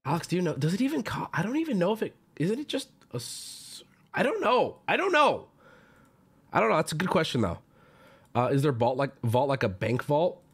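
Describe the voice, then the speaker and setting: A man chatting on a live stream with a fairly high voice that swings wildly up and down. He is excitable and swears casually, often jumping into loud, pitched-up outbursts before dropping back to easy chat. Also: fairly quick, slightly rough. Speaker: streamer opening card packs.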